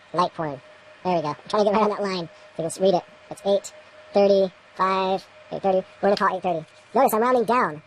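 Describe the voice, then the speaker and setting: Brisk, low-voiced woman for a casual hands-on vlog, thinking out loud and grumbling at equipment. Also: slight background noise, low-quality recording. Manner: rambling, talks to camera while working, mutters at equipment. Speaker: home grower demonstrating light readings.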